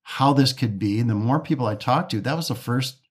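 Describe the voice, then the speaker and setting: A Detroit-area golf course architect tells stories in a casual interview, often restarting sentences and acting out quoted dialogue. His voice is medium-pitched with a breathy edge, and he speaks fairly quickly.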